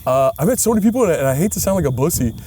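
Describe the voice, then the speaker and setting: A man co-hosting a casual comedy podcast, telling a story in an animated way and acting out quoted voices. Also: on the high side, very fast, slight background noise. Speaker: podcast co-host.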